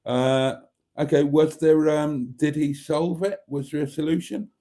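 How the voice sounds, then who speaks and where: Middle-aged British male host, rambling live-stream chat, dark mellow tone, dry humour. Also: a little high, steady tone, measured pace. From Britain. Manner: chatty and rambling, with dry jokes and mock outrage. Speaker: livestream host reading viewer comments.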